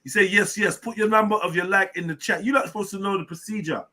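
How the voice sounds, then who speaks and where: Bright-voiced man, animated. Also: high voice, quick pace. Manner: animated storytelling with slang and swearing. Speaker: host and personal trainer. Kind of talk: casual live-stream chat.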